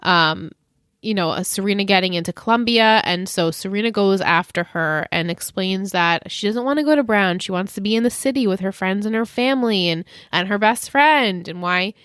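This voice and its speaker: A woman co-hosting a podcast, retelling a TV episode in animated, chatty, laughing storytelling. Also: mid-range voice, moderate pace, clean tone, no room sound, clean studio sound. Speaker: podcast co-host. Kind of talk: casual recap chat.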